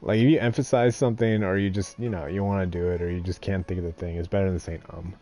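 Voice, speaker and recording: Low-voiced, rambling male streamer. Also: steady tone, fast, mellow. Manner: rambling, full of fillers and restarts, swears freely; chuckles often. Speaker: game streamer. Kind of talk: casual live-stream chat.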